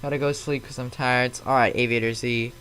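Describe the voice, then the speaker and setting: Streaming a flight simulator from his home, this man keeps the chat casual and loose, reading and responding to viewer messages out loud as they come in. His mid-range voice is clean and fairly bright, with a steady tone and brisk delivery.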